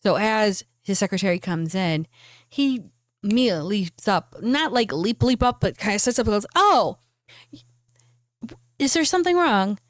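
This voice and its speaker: A woman's voice: medium pitch, moderate pace, dry recording. Casual woman game master. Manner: casual and chatty, with fillers. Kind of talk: narrating a tabletop game.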